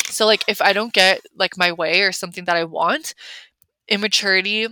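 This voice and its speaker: A woman's voice: mid-range voice, fairly even intonation, brisk, sharp tone, slight background noise. A young adult woman hosting a solo podcast, talking in a chatty, emphatic way, full of "like". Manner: chatty, filler-heavy, emphatic with lots of "like". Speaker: podcast host. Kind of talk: casual solo podcast talk.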